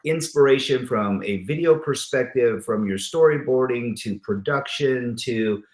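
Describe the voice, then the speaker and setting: A man's voice: mid-range voice, a little slow, a little mellow, roomy sound. A man from Southern California hosting a podcast interview, talking casually with many false starts and restarts and calling his guest brother. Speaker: podcast host.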